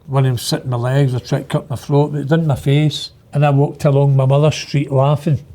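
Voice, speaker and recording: A man's voice: medium pitch, flat delivery, brisk, warm tone. A man giving an interview, telling his past plainly, with hesitations and fillers. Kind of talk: personal storytelling interview.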